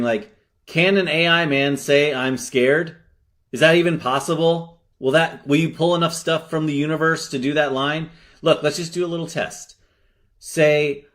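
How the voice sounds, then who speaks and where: A man's voice: on the high side, lightly acted. A man playing a frustrated director who scolds AI actors with sarcastic commentary. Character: exasperated director of an AI horror shoot.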